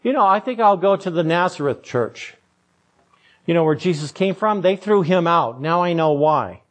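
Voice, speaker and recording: A man voicing a fed-up male churchgoer who grumbles quickly and dismissively, as a quoted figure in a sermon. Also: on the high side, animated, close to an everyday voice.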